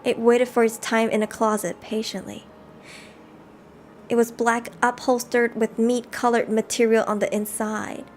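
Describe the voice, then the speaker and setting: A woman live-streaming a game, reading the story text aloud and chatting with viewers in an animated way. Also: on the high side, a little slow, a little hiss or hum. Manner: animated, chatty, reads narration aloud between chat replies.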